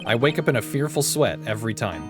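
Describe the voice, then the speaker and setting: A streamer voicing a composed, haunted young male prosecutor in a measured, grave way, with game music behind. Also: mid-range voice, expressive, lightly acted.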